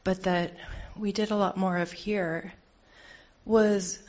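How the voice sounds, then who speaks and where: A middle-aged woman, a couples therapist, sharing personally in a group, halting and searching for words, on a muffled lo-fi recording. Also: medium pitch, fairly even intonation, darkish tone.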